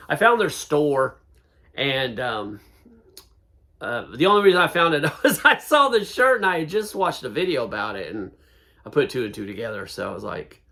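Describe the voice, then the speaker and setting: A man's voice: mid-range voice, sharp tone. A man talking casually in a home vlog, rambling with lots of ums and uhs as he goes over his reselling. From Florida. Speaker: eBay reseller vlogger. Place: home room with a neon sign.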